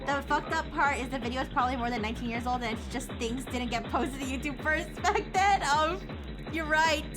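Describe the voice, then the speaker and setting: A woman's voice: high voice, brisk, over music. A woman livestreamer in casual chat who rambles, laughs often and says "like" a lot.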